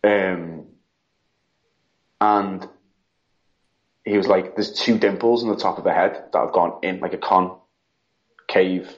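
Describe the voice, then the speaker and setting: A man's voice: deep voice, fairly even intonation, slow pace, long pauses. A grieving man from the UK, a podcast guest rambling through a story in casual chat and acting out the dialogue. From United Kingdom. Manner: rambling, retelling with quoted dialogue. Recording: dull lo-fi audio.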